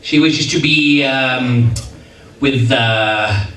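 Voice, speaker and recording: Extremely slow, his mid-range voice has a bit of brightness. The man is an entertainer doing teasing, chatty comic patter for a live audience in a function hall, picked up from a distance in a roomy recording with crowd.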